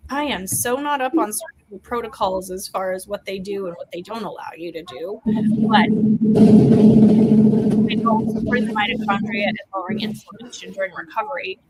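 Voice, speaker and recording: A woman's voice: medium pitch, moderate pace, over a noisy crowd, poor audio. A woman hosting a livestream, chatting loosely in a stream-of-consciousness way about health tips. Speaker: host. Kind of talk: casual health talk on a livestream.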